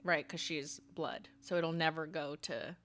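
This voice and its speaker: Chatty woman reading fan mail, low voice. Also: steady tone, a little slow, fairly bright tone. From Canada. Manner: chatty, reads letters aloud, laughs often, swears casually. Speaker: YouTuber host.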